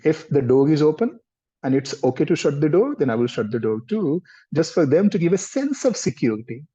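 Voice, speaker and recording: A man, a counseling trainer explaining things gently in a live workshop. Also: fairly high pitch, very animated, a little fast, breathy edge. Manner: gentle, explanatory, mixes in Hindi words. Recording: dull lo-fi sound.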